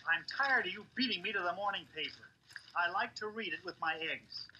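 An actress playing a peevish wife in an old 1960s sitcom, complaining in a clip played back on a show. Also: female voice, on the low side, brisk, pushed and bright, dull audio, a little hiss or hum. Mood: peeved.

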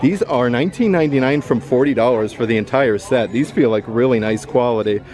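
A man walks through an outlet store with a handheld camera, chatting in an upbeat, casual vlog style. His voice sits at an ordinary middle pitch, and he describes items and prices as he goes. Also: brisk, darkish tone, faint music behind. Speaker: vlogger. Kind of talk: casual shopping vlog narration.

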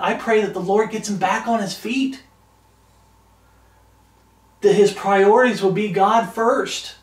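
Giving a sermon, a man with a somewhat high voice lingers on scripture verses for emphasis before bluntly explaining them. The recording places him a little away from the microphone, in an echoing, roomy space.

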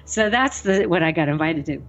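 A woman's voice: fairly low pitch, animated, brisk, dull audio, faint music behind. A woman co-hosting a paranormal podcast, telling a story with lots of laughter. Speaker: podcast co-host. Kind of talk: casual podcast chat, storytelling.

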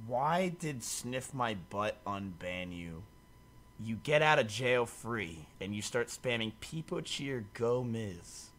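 Bright-voiced animated male streamer. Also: mid-range voice, slow pace. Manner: animated, swears freely, addresses chat. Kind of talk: casual livestream commentary.

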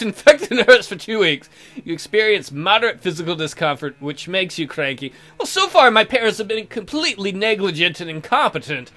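A man's voice: on the high side, bright, forceful tone. Sarcastic man narrating a video game. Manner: wry, sarcastic running commentary. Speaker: let's play host. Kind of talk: reading game text aloud with joking asides.

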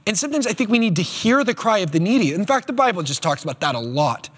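Husky high-voiced male preacher in reverb. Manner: animated, emphatic preaching with quick asides. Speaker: pastor. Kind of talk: sermon. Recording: long hall reverb.

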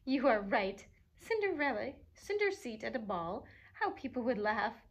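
A woman's voice: on the high side, lively intonation, normal speed. A woman reading aloud and voicing spiteful stepsisters who tease and sneer. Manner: teasing, sneering.

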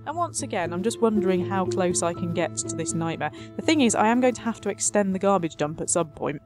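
A woman's voice: mid-range voice, expressive, brisk. A woman doing casual gameplay commentary as a let's play host, chatty and sarcastic, talking back to the game, with faint music behind her.

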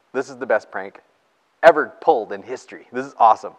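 A man preaching a sermon in a church and reading scripture aloud. He talks in an excited, chatty way and laughs between his points. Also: mid-range voice, brisk, pauses often, big-room sound, lo-fi sound. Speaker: pastor.

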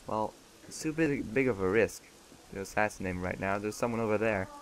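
Over slight background noise, a let's play gamer with a lowish voice talks fairly quickly. His gameplay commentary is chatty and joking, and he responds to the game's characters as if they could hear him.

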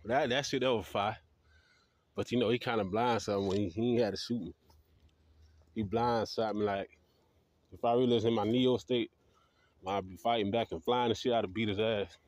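A man's voice: lowish voice, fairly even intonation, normal speed, pauses often, darkish tone, no echo. A man telling his dream stories in a rambling, profane monologue, laughing at his own tales. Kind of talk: casual storytelling monologue.

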